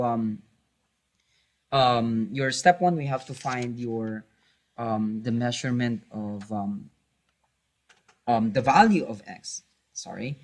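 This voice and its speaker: A man with a medium-pitched voice teaches a math lesson, hesitating with many fillers, correcting himself, and patiently repeating the key points.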